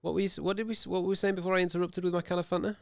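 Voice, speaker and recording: A man's voice: high voice, level tone, rapid-fire, gravelly. A young man with a Birmingham accent, co-hosting a casual podcast, joking dryly and laughing often. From Birmingham, England. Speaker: podcast co-host. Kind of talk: casual banter.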